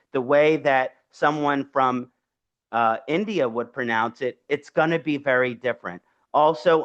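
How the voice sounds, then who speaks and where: A man's voice: medium pitch, a bit bright, muffled recording. A man from Philadelphia with a thick, nasal Philadelphia accent, giving an earnest lecture with rhetorical questions. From Philadelphia, Pennsylvania. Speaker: astrology lecturer.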